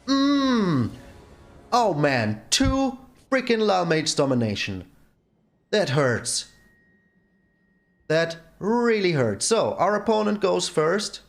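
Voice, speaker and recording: A man's voice: sits high, big pitch swings, slow pace, creaky. A man hosting his own gaming channel, giving casual gameplay commentary and exclaiming in exasperation at his bad luck.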